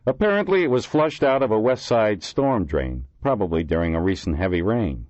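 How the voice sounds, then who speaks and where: A man's voice: fairly low pitch, animated, moderate pace, a little mellow, no room sound, pitched above the performer's own voice, lightly acted. A man voicing an irritable, blunt male police lieutenant in an audiobook reading. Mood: impatient. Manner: gruff, blunt. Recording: dull lo-fi dry recording.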